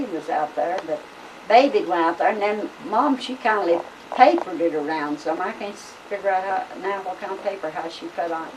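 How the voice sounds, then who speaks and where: A woman's voice: lowish voice, darkish tone. An older woman, telling family stories in a folksy, rambling way with lots of fillers. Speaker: family storyteller. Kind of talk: casual storytelling. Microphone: camcorder microphone. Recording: home video camera from a distance, faint hiss.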